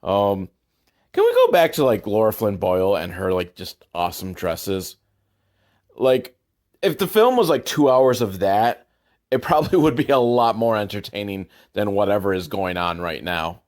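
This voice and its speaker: A man's voice: fairly low pitch, moderate pace, darkish tone. A man hosting a comedic movie commentary, rambling with sarcastic, self-deprecating asides and many fillers.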